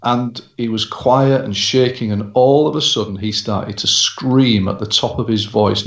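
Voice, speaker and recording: A hypnotherapist being interviewed who tells his story in a measured way with frequent hesitations. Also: mid-range voice, fairly even intonation, vocal fry, roomy sound, muffled recording. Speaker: hypnotherapist guest.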